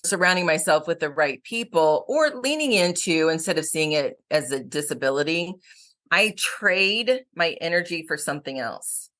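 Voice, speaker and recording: A middle-aged woman, a company founder, telling stories in a fast, energetic podcast chat. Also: low-pitched.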